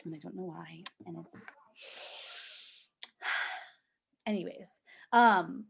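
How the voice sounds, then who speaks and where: A young woman gives a casual pep talk to her sales team from home. She is chatty, says "like" constantly, and slips into lively acted-out voices when she quotes people. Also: fairly low pitch, extremely slow, vocal fry, breathy edge. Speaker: team leader coaching a sales team. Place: at home with a child nearby.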